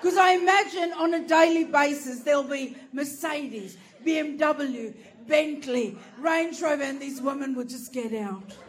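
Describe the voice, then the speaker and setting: High-voiced woman telling a comic story. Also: a little hiss or hum. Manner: animated, swearing, breaking into laughter. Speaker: stand-up comedian. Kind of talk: stand-up storytelling.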